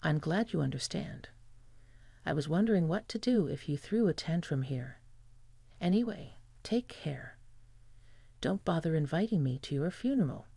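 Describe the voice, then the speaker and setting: A narrator reading out the lines of a callous husband in a revenge story, pleading or scoffing in turn. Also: male voice, a little high, lively intonation, moderate pace, vocal fry, warm tone, no room sound. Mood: smug. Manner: pleading then dismissive. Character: callous husband turned panicky.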